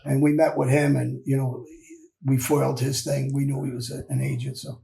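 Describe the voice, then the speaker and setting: A man on a podcast, recounting his past in a measured, matter-of-fact way. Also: mid-range voice, flat delivery, gravelly, mellow. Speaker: host. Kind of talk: podcast conversation.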